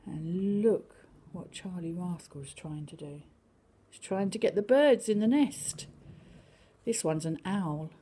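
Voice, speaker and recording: An older woman reading a picture book to young children, sing-song and animated, now and then dropping to a whisper. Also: fairly low pitch, takes it slowly, husky.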